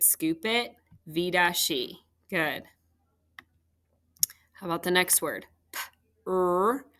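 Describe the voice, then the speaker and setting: Slow, bright-voiced woman teaching phonics. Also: lowish voice. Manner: patient, step-by-step, talking to young students. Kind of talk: phonics lesson walkthrough.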